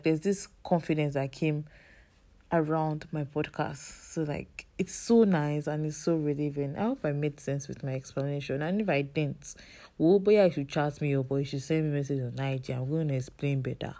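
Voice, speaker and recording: Gravelly low-voiced woman podcaster. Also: warm tone. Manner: chatty, self-teasing, laughs often. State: voice a bit off. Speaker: podcast host. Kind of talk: casual faith-based podcast monologue.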